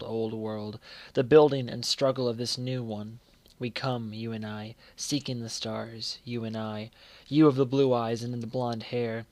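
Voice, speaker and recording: A man reciting poetry in a measured way, letting the ends of lines fall quiet. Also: mid-range voice, no echo. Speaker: poetry reader.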